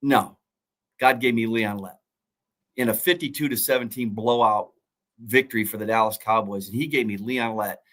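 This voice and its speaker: A man's voice: lowish voice, normal speed, fairly bright tone. A middle-aged man, a football coach, telling his story in an earnest, preaching way and repeating key phrases. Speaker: college football coach and former pro player. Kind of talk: motivational interview talk.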